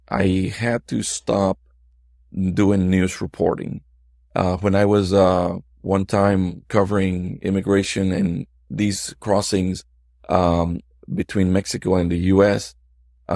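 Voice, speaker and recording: A middle-aged male news reporter recounts his experiences in an interview. His voice is low and gravelly, and his speech is halting, full of fillers and restarts. The recording is dry and close. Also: a little mellow, no echo. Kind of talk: interview storytelling.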